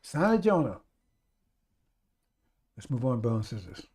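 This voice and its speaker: A man's voice: mid-range voice, big pitch swings, normal speed, darkish tone. A man preaching a radio sermon, emphatic and repetitive, speaking straight to his listeners.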